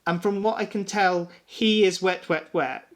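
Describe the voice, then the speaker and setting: In unhurried fashion, this high-voiced Englishman rambles and swears his way through casual chat as co-host of a music podcast. He sounds slightly tipsy, having had a few drinks.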